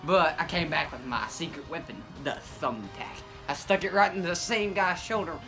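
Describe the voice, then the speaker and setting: Goofy animated comic storyteller. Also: medium pitch, moderate pace, music in the background, low-quality recording. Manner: goofy, animated, self-correcting. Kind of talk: rambling improvised comic story.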